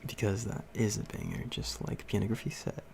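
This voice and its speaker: A man's voice: fairly low pitch, huge pitch swings, a little fast, gravelly, darkish tone, a little hiss or hum. A young man hosting a livestream, casually telling a story to his chat with lots of fillers and frequent laughs. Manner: rambling, laughs often, many fillers. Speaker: livestream host.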